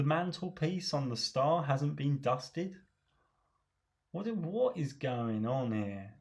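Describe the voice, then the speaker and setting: A man with a mid-pitched voice delivers a comic rant monologue, dripping with sarcasm. He mocks and scoffs as he goes, with a casual, matey delivery. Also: animated, slow. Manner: sarcastic, mocking.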